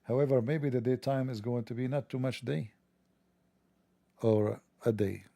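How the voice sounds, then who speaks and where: Male commentator, mid-pitched gravelly voice, mellow tone, mocking and jokey, sarcastic monologue. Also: steady tone, a little slow, no room sound. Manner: mocking, joking, rambling asides. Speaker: religion commentator.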